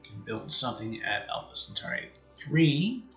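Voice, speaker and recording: A man's voice: medium pitch, very animated, normal speed, a bit bright, echoey room, lo-fi sound, soft background music. A man with a Canadian accent commentating on his strategy game in a casual, rambling way, full of fillers and half-finished thoughts. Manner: thinks aloud, many fillers and trailing-off sentences. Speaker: let's play streamer.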